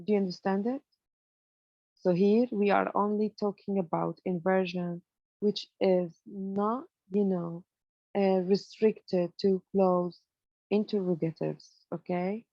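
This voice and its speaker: At a slow pace and in a steady, medium-pitched voice, a woman teaches English grammar in careful steps. Her filler is "you know," and "okay?" is her way of checking comprehension. The recording is dry, with the high frequencies cut off.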